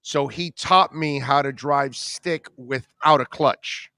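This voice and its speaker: A middle-aged man hosting a radio show, telling a long story in casual chat, rambling and animated with many restarts. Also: mid-range voice, takes it slowly, no echo.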